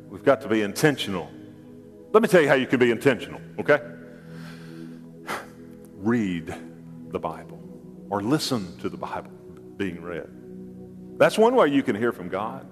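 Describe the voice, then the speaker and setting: Animated older preacher in a big hall. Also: male voice, medium pitch. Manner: animated, jokey, repeats words, swoops up for asides. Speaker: pastor. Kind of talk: sermon.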